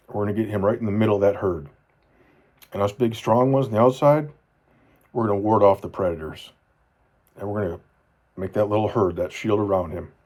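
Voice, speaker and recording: Dad in his 40s doing a video journal for his kids, deep husky voice, earnest, goes soft a lot. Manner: earnest, heartfelt, often drops to a soft low voice; repeats phrases for emphasis. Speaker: father speaking to his children.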